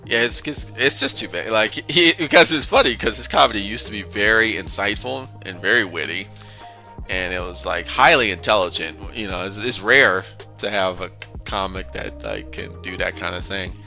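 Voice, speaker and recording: Gravelly, forceful-voiced male host. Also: lowish voice, normal speed, faint music behind. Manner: rambling, laughs often between points, frequent restarts. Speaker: host of a philosophy discussion channel. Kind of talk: casual conversational monologue.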